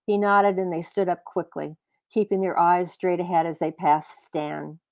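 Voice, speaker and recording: A woman author reading her own fiction aloud in a brisk, expressive way. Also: lowish voice, dry recording.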